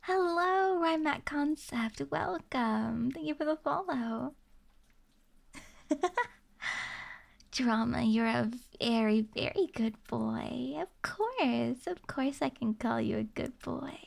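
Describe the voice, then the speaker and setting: A woman chatting softly as an ASMR streamer, giggly and slipping into whispers as she talks to viewers on a close mic. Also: high-pitched, expressive, slow, gravelly. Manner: giggly, reads chat aloud and thanks viewers; drifts into whispers. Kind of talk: soft-spoken ASMR chat.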